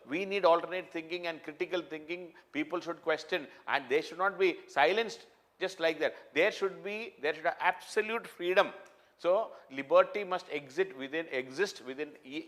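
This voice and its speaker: A male lecturer with a voice pitched a little above the usual for a man. He talks to his class in an emphatic, repetitive way, breaking off and restarting his sentences and filling pauses as he goes. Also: fairly bright tone.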